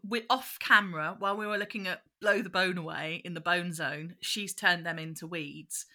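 Bright-voiced woman, chatty recap. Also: lowish voice, moderate pace. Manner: animated retelling, bursts into quoted voices. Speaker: podcast co-host. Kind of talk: casual chat recapping a children's show.

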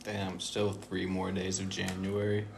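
A man's voice: deep voice, completely flat delivery, measured pace, vocal fry, background noise. A young man hosting a casual podcast chat, laid-back and rambling, full of slang. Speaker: podcast host.

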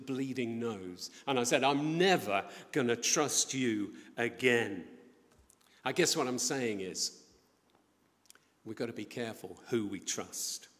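Preacher in a reverberant church. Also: male voice, medium pitch. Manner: storytelling, animated, acts out quoted voices. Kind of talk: sermon. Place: church building.

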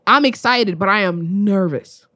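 A young woman, a spoken word poet, telling a story in animated, laughing, swearing casual chat. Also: medium pitch, unhurried, no echo, clean studio sound. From Australia.

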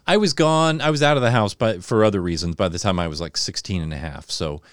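A man's voice: fairly low pitch, fast talker, smooth, no echo. A man in his fifties from Southern California with a Californian accent and a slight Southern twang, telling stories in casual conversation and rambling with restarts. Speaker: podcast guest.

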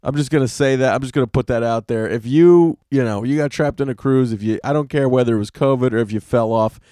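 A man's voice: medium pitch, fast talker, dark tone, dry recording, clean studio sound. A man hosting a solo podcast, talking in a casual, rambling and exasperated way, full of swearing. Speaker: podcast host.

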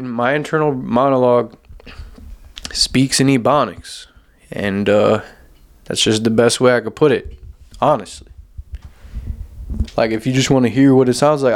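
Rambling, profane young man talking. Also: medium pitch. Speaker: podcast host. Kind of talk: casual monologue.

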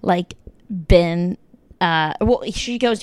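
A young woman telling a story in casual chat, full of "like" and "kinda", quoting people in lively bursts. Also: on the low side, slow pace, clear, resonant tone, dry recording.

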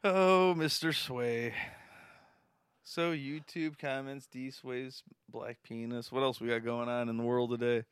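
A man's voice: mid-range voice, steady tone, unhurried, fairly bright tone, clear, resonant tone, dry recording. A man with a Chicago accent co-hosting a podcast, joking crudely and laughing often. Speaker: podcast co-host. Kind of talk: casual chat. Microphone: studio podcast mic.

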